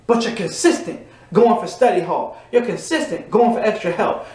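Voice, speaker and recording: A man preaching a motivational sermon, building to emphatic repeated refrains. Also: high voice. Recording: echoey room.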